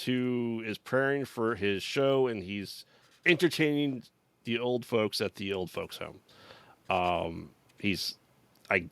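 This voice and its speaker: A man's voice: medium pitch, fairly bright tone, no room sound. A man co-hosting a podcast, recapping a movie in casual chat, rambling and laughing often as he paraphrases characters. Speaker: podcast co-host.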